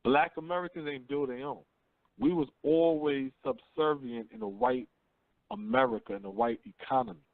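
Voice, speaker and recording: A man's voice: a little high, animated, moderate pace, vocal fry, no room sound. A man hosting a call-in talk radio show, telling blunt, slangy stories and asking rhetorical questions. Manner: blunt, slangy storytelling, often asks "you see what I'm saying?". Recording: tinny phone line.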